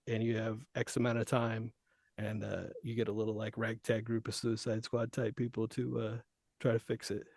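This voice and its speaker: A man's voice: mid-range voice, completely flat delivery, moderate pace, a little mellow, no room sound. A male guest voice actor chatting casually on a podcast in a laid-back, surfer-dude way.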